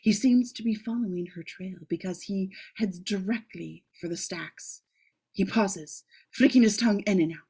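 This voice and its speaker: A woman's voice: mid-range voice, normal speed, dark tone, husky. A woman reading a screenplay aloud in a casual way, breaking off for joking asides and the odd swear word. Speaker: script reader.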